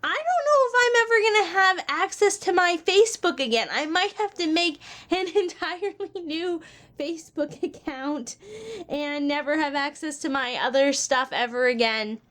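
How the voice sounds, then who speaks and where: A woman's voice: sits high, expressive, moderate pace, a bit bright. A woman in her twenties talking casually to the camera in a vlog, chatty and exasperated, laughing between lines. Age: 20s. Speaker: vlogger.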